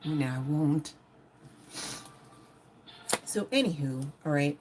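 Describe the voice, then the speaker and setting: A woman's voice: sits low, lively intonation, slow, background noise. A woman giving a casual live-stream tarot reading. She is chatty and blunt, swears often, and laughs as she talks straight to her viewers. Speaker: tarot reader.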